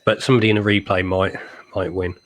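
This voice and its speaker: Low-voiced man, chatty and jokey. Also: flat delivery. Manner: chatty, quick bursts, jokey asides. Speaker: co-host. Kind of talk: casual live-stream chat.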